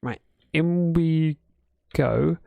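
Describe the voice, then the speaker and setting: A man's voice: fairly high pitch, very slow, creaky, a little mellow, no room sound, clean studio sound. A man chatting casually while livestreaming a building game, playfully telling dad jokes to his chat.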